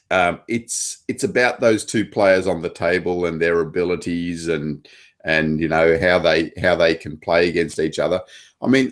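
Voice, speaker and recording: Australian male coach, very low voice, hesitant casual talk full of restarts. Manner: hesitant, many fillers and restarts. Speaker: table tennis coach. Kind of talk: casual chat.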